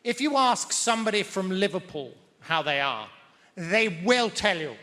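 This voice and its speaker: A man's voice: high voice, big pitch swings, moderate pace, sharp tone. A male stand-up comedian performing on a theatre stage, wry and mock-pompous with precise wording. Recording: theatre reverb, faint noise.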